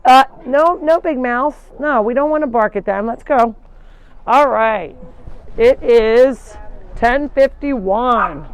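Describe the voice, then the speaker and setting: A woman's voice: on the high side, takes it slowly, a little hiss or hum. A woman hosting a casual live tour of an animal sanctuary, chatting and breaking off to call animals over. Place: outdoors at a farm.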